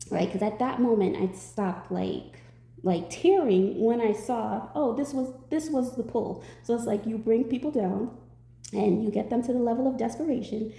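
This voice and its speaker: Woman, tarot reader, storyteller; dark gravelly voice, roomy sound. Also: on the high side. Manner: animated storytelling, acts out quotes. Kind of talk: storytelling to viewers.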